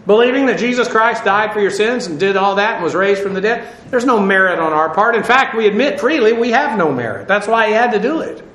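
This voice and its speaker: A man's voice: sits high, pushed and bright, roomy sound. A man giving a verse-by-verse Bible lesson, talking conversationally with fillers and asides while he stands before a seated audience. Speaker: Bible teacher.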